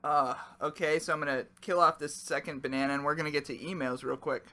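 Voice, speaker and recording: A man's voice: fairly high pitch, steady tone, quick pace, sharp tone. A man co-hosting a casual podcast, joking around and talking with his mouth full. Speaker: podcast co-host. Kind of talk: casual chat while eating.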